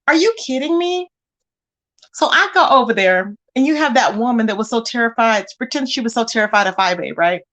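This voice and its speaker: Sassy high-voiced woman livestreamer. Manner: animated, sassy, addresses viewers as child and baby. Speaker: livestream host. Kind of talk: casual livestream commentary.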